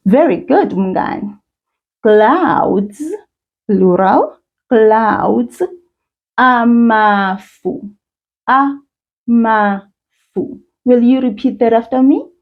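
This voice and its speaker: A South African woman teaching children, with encouraging sing-song praise and slow call-and-repeat drills. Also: on the high side, animated, breathy edge. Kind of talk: slow, patient kids' lesson with call-and-repeat. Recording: dull lo-fi sound.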